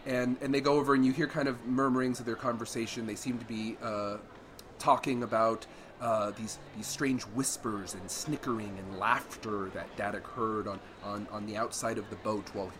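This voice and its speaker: A man narrating as game master of a tabletop game, halting and repeating words as he goes. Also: lowish voice, fairly even intonation, noisy background.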